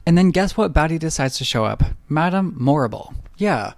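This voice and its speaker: A man's voice: fairly high pitch, expressive, creaky, dry recording, studio quality. Snarky young man recapping a movie. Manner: snarky, swearing, acts out characters in quick asides.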